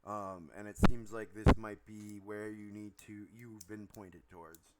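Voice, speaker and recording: A man narrating as game master for a tabletop game, halting and correcting himself with many fillers, on a home microphone. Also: lowish voice, fairly even intonation, heavy background noise.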